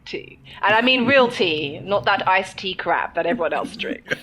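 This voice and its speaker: A woman's voice: mid-range voice, animated, slow, fairly bright tone, low-quality recording. An English woman co-hosting a podcast, talking in a chatty, frank way and laughing often. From England. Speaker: podcast co-host. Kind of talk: casual podcast chat.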